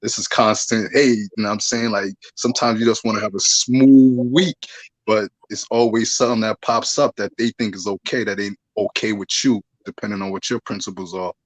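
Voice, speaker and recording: A man's voice: lowish voice, fairly even intonation, a little fast, no room sound, rough recording. A man co-hosting a casual podcast, giving advice in a preachy way and often asking if listeners follow him. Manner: preachy, advice-giving, asks "you know what I'm saying".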